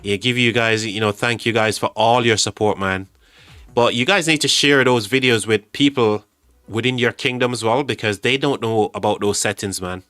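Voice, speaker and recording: An excitable man hosts a live game stream, stumbling over his words as he chats with viewers. His voice is bright and forceful, recorded dry and close. Faint music plays underneath. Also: lowish voice, normal speed, no room sound. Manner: excitable, stammering, thanks chat often. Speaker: game livestream host.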